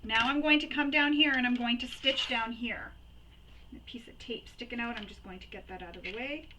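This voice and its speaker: Chatty woman, fairly high voice, walking through sewing steps at home over audible work noise. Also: fairly quick. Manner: chatty, repeats and recaps steps. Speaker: sewing tutorial host. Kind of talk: step-by-step sewing tutorial.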